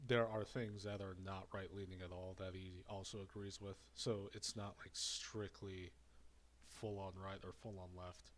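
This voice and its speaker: A man with a fairly low voice runs a loose commentary rant. He rambles and circles back over the same words. He sounds a little breathless, having just had a drink. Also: little pitch movement, a little slow, a little hiss or hum. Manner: rambling and repetitive. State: slightly out of breath after drinking. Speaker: commentary streamer. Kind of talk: casual ranting commentary.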